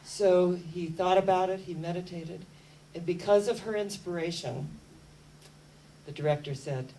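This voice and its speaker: A woman speaking to an audience, telling a story as a lively storyteller who keeps coming back to energy and spirit. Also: fairly low pitch, measured pace, recorded from a distance, poor audio. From United States. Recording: voice a bit off mic with faint hum.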